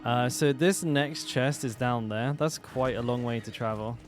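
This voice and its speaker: A man's voice: medium pitch, measured pace, faint music behind. A man casually commenting while he plays a game on stream, chatting with viewers and swearing now and then.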